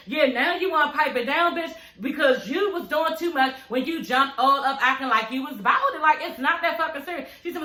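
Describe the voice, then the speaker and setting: High, bright, profane woman recapping. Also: animated, brisk, echoey room. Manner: blunt, profane, laughing, repeats "you know what I'm saying". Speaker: reality TV recap vlogger. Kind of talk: casual reality show recap rant.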